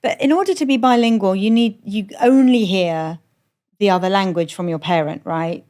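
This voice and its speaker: A middle-aged Iranian woman with a mid-range, darkish voice speaks at a moderate pace. As a comedian guest on a podcast recorded on a moored boat, she tells candid, self-deprecating stories in a storytelling chat and swears freely.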